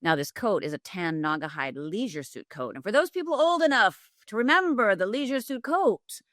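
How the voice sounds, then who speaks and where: A woman's voice: mid-range voice, lively intonation, moderate pace, fairly bright tone, no room sound, studio quality. A middle-aged woman from Upper Michigan, a life coach and guest, telling her story candidly and vividly, acting out the lines of the people in it. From Upper Michigan, USA. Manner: vivid, dramatic retelling with acted-out quotes.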